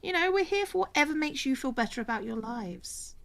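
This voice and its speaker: A woman's voice: sits high, sing-song, brisk, creaky, a bit bright. A woman co-hosting a craft livestream, chatting while she sews, often repeating words and thanking viewers by name. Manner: reads out viewer names and thanks them. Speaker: streamer co-host. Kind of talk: casual livestream chat.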